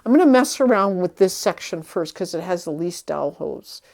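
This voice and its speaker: Her voice is low-leaning, creaky, and darkish, expressive and fairly quick, as she chats nervously through a vintage tree restoration. This vlogger's casual, hands-on narration is mostly her talking to herself while she works.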